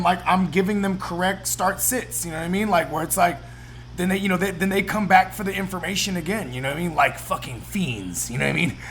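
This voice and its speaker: A Bay man hosts a casual podcast. His voice is high and bright, and he rambles and swears easily. Faint background noise sits under the recording. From San Francisco Bay Area. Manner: rambling, constant "you know what I mean", swears freely. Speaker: podcast host. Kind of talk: casual chat.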